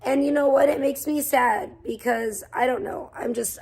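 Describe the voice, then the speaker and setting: High-voiced woman ranting on a livestream. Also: fairly even intonation, normal speed, vocal fry, hardly any pauses, a little mellow, a little hiss or hum. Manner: profane, venting, rambling. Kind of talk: angry livestream rant. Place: home.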